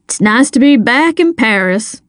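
A woman's voice: on the high side, animated, a little slow, dry recording, studio quality. A woman voicing a genial, courtly small-town mayor in an audiobook.

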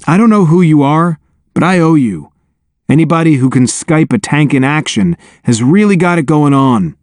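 A man reading an audiobook, voicing an excited, emotional young soldier who commands a tank. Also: a little high, moderate pace, no echo, studio quality, natural voice. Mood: dry. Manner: emotional, eager.

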